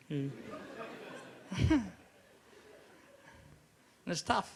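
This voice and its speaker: Australian male stand-up, high bright voice, animated, faint crowd noise from a live venue. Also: a little fast. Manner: animated, jumps into loud character voices. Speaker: stand-up comedian. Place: comedy club stage.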